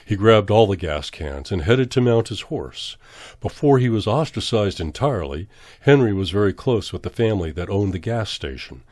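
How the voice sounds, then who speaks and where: Male horror narrator, low, measured, dramatic, dry close recording. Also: a little mellow, no room sound. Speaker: storyteller.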